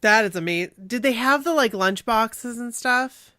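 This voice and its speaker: A woman's voice: a little high, moderate pace, bright, forceful tone, no echo, clean studio sound. A woman hosting a casual fan podcast, chatting candidly and reading listener stories aloud. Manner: chatty, candid, laughs easily. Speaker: podcast host.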